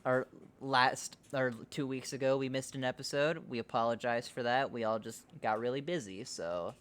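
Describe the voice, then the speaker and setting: A man's voice: mid-range voice, normal speed, a bit bright, smooth. A man hosting a podcast in a loose, rambling chat, swearing and laughing easily. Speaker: podcast host. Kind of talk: casual chat.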